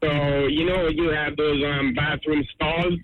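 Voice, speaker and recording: A man's voice: on the high side, steady tone, measured pace, slight background noise. A man calling a radio show while driving a truck, telling a prank story in a friendly, laughing way. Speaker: caller. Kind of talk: phoned-in storytelling. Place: truck cab on the road. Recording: tinny phone line from a truck.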